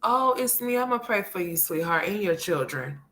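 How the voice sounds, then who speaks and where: A woman hosting a casual livestream, talking to her chat and calling viewers honey and sweetheart, by turns loud and animated, then soft. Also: mid-range voice, moderate pace. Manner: chatty and emphatic, calls viewers honey and sweetheart; swings between loud animated bursts and soft murmurs. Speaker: livestream commentary host.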